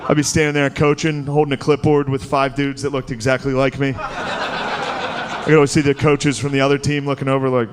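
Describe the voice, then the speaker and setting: A man's voice: mid-range voice, flat delivery, fairly quick. A man doing a live stand-up routine, talking in a loose, profane, conversational way and calling the crowd "dude.". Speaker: stand-up comedian. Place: live comedy venue on stage. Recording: noisy live stage recording.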